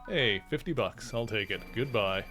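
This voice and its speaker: A man's voice: fairly low pitch, normal speed, sharp tone. A man giving loose, joking play-by-play while he streams a game, chatting to viewers as if they were in the room. Faint game music plays underneath his voice. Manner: playful, chatty, talks to his cat. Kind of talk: casual gameplay commentary.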